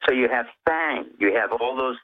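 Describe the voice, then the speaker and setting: Heard over a tinny telephone line, a phone-in guest speaks at normal speed with a medium pitch and lively intonation. His political commentary is emphatic and lecturing, and he works through his points one at a time.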